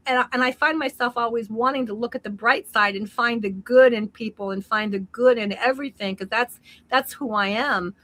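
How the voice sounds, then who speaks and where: A woman's voice: a little high, sharp tone, rough recording. A middle-aged woman co-hosting a talk show, speaking earnestly and giving advice in a casual, unscripted way, with frequent restarts. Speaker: co-host.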